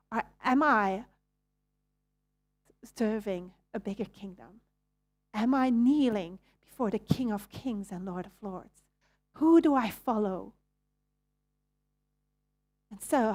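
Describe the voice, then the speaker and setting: Woman preacher, Belgian Dutch accent, a bit high-pitched, conversational and questioning. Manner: conversational, asks the audience questions; restarts and self-corrections. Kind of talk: sermon.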